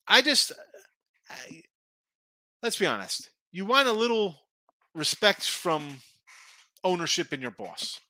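High, bright-voiced betting show host. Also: male voice, no echo. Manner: rambling, opinionated, with frequent restarts. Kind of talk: casual sports betting talk.

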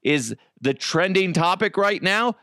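A man's voice: high voice, lively intonation, measured pace, a bit bright, no echo, clean studio sound. A man hosting a solo podcast, ranting profanely and mocking his targets. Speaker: podcast host.

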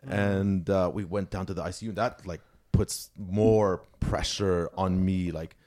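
A man's voice: low voice, fairly even intonation, unhurried, warm tone. A young man, a podcast host, telling a long story in casual chat, packed with "like" and "you know".

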